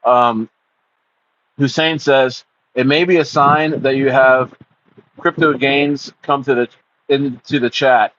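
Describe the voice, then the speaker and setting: A man's voice: mid-range voice, steady tone, slow, pauses often, fairly bright tone. Rambling man with a dull lo-fi sound. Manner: rambling, stammering restarts, acts out voices in quotes. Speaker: crypto livestream host. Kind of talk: casual livestream chat reading comments.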